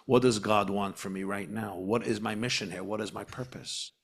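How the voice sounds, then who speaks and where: A man speaking as a spiritual teacher on a podcast, teaching with animated emphasis and repeating phrases. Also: on the low side, normal speed. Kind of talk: podcast conversation.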